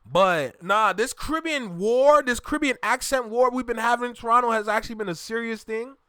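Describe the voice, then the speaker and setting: A man from Jamaica with a Jamaican accent, hosting a reaction video and chatting casually to viewers in an animated, repetitive way. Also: very high-pitched, fairly quick, clean tone, dry recording. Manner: animated, repeats himself, talks to viewers directly.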